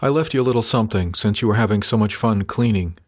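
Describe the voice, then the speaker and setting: A man's voice: lowish voice, fast talker, no echo, clean studio sound, lightly acted. A man voicing a stern, bullying male first mate who speaks in clipped, menacing words. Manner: clipped, menacing, bites off each word.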